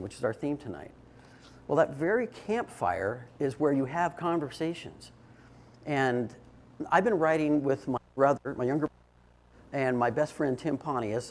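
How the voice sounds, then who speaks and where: A man's voice: medium pitch, a little mellow, slight background noise. An older man giving a short, informal talk to an audience, telling stories in a conversational way with restarts and fillers. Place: indoor event space.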